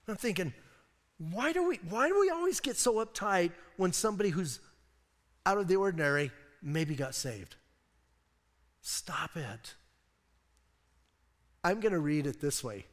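A male pastor preaching a sermon in a church, animated and conversational, with asides to the congregation. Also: high-pitched, unhurried, long pauses, big-room sound. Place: church sanctuary.

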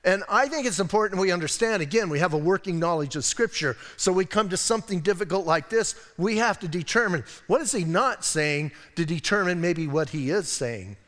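A man's voice: sits high, animated, a little fast, hardly any pauses, fairly bright tone. An American male pastor preaching a casual, chatty sermon full of rhetorical questions and asides. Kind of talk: conversational sermon. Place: church sanctuary. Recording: long church-hall reverb.

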